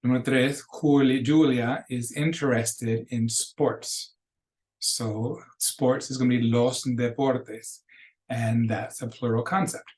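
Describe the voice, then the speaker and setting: A middle-aged man teaching a Spanish lesson in a recorded lecture, explaining patiently and slowing down to model Spanish phrases. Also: medium pitch, a little mellow, poor audio.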